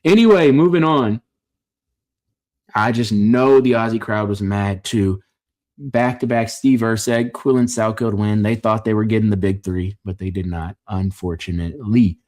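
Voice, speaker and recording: A man with a fairly low voice runs through a fight card in casual reaction commentary. He is opinionated and jokey, rambling a little and catching his own slips. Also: moderate pace, darkish tone. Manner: opinionated, joking, rambling with self-corrections. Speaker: MMA fight reaction host.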